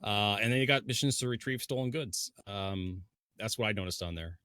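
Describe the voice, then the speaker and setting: A man's voice: lowish voice, a little fast, sharp tone, no echo. A man co-hosting a gaming podcast, joking around and explaining game details in casual chat. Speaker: podcast co-host.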